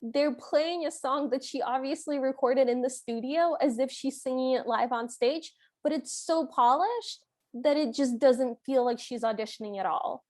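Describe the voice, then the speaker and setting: A woman's voice: sits high, normal speed, darkish tone. A woman co-hosting a podcast, casually discussing a film and laughing easily. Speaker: podcast co-host. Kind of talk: casual movie recap chat.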